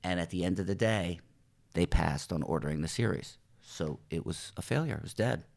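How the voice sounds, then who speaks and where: A middle-aged man from New Jersey, a TV showrunner, telling animated stories in a podcast interview and acting out what people said. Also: low-pitched, normal speed, gravelly. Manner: animated anecdotes, acts out quoted voices, swears casually. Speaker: TV writer and showrunner, podcast guest. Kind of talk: casual storytelling interview.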